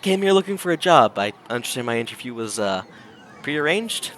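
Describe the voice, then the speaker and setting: A male streamer reading and narrating a visual novel, animated and jokey, laughing often. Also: mid-range voice, fairly quick, a little hiss or hum.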